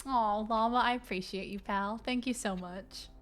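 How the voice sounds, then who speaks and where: A woman streaming a game and chatting casually with her viewers, playful and quick to slip into silly voices. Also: fairly high pitch, a bit bright. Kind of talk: casual live-stream chat.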